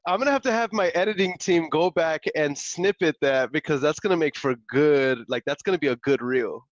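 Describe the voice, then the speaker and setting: A young adult man hosting a live stream, talking in a slangy, excitable way and laughing often. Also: on the high side, fairly quick, no room sound. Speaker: live-stream host making real estate calls. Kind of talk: casual live-stream chat. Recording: dull lo-fi dry sound.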